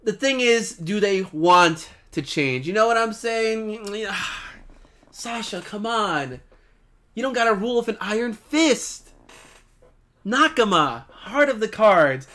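Young man, excitable reaction commentary, slangy, laughs a lot, crisp tense tone. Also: sits high, slow. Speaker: reaction video host.

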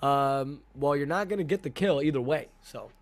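A young man live-streaming a game, chatting excitedly with his viewers and teammate, greeting people by name in slangy talk. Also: on the high side, moderate pace. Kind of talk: live gameplay commentary.

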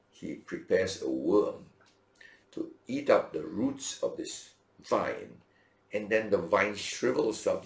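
Gravelly pastor telling a story animatedly. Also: male voice, roomy sound. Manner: animated storytelling, acting out dialogue with big pitch swings. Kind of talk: sermon.

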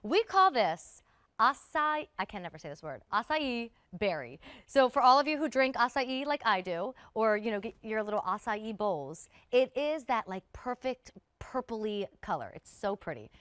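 A woman hosting a live home shopping show, chatting warmly and gushing about clothes to viewers. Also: medium pitch, expressive, moderate pace, few pauses, clean tone, no echo. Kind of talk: live TV sales pitch.

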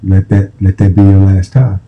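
A man voicing a stern middle-aged male head coach who speaks slowly and deliberately, pausing on "uh". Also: low-pitched, completely flat delivery, highs cut off, pitched below the performer's own voice. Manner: slow, deliberate, halting with "uh".

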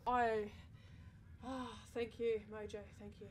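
A woman's voice: on the high side, level tone, slow, a little hiss or hum. A young woman streaming a horror game, talking herself through it in a nervous, jumpy running commentary full of swearing.

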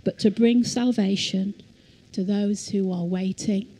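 Slow, mellow-voiced woman preaching. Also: mid-range voice, fairly even intonation, low-quality recording. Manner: slow, emphatic scripture reading, leads congregation in repeating. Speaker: church teacher. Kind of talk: sermon. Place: church hall.

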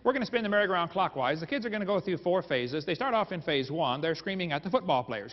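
A man with a high, lively voice rattles through a joking, folksy seminar lecture at top speed, barely pausing as he fires quips at the live crowd. He's a creation seminar speaker, captured in a dull, echoey hall.

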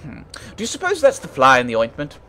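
A man voicing a cheerful, blustering upper-class English gentleman inventor with a plummy accent. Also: a little high, wildly swooping pitch, quick pace, slight background noise, full character voice. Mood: jolly. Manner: jolly, blustering, old-chap bluster.

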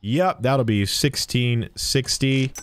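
A man's voice: mid-range voice, slow, fairly bright tone, clear, resonant tone. A young man streaming a game, chatting playfully as he plays a shopkeeper and jokes with customers. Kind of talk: let's-play commentary.

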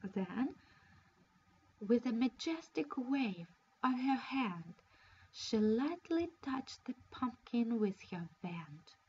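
A woman, a native Russian speaker, reading a fairy tale aloud in a careful, expressive storytelling manner. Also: a little high, slow pace, slight background noise. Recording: dull lo-fi recording.

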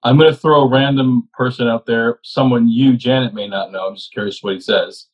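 Hesitant interviewer with a breathy voice, casual questioning, muffled audio. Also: medium pitch, fairly even intonation, a little fast.

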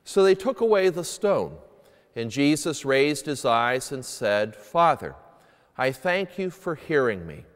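A man's voice: mid-range voice, big pitch swings, a little slow. A man, a priest, reading the gospel and preaching a homily at Sunday mass, earnest and emphatic when he asks questions. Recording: echoey church with long reverb.

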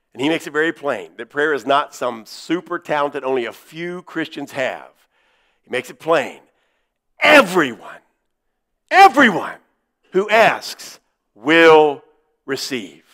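A man preaching in a church with a high, bright voice that swings widely in pitch. He leans hard on key words, slowing down and repeating them for emphasis. His delivery rises and drops from loud to hushed. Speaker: pastor. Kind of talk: sermon.

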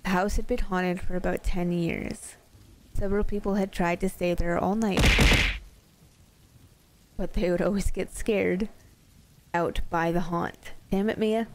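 A woman's voice: lowish voice, fairly even intonation, measured pace, pauses often, background noise. A woman streamer casually reading spooky stories aloud to her chat, playful and laughing easily between stories. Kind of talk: casual storytelling to a live chat.

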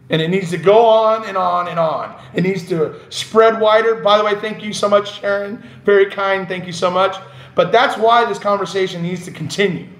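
A man's voice: high voice, a bit bright. A man hosting a casual live stream, reading chat messages, laughing often and getting passionate when he rants. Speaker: livestream host. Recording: roomy echo.

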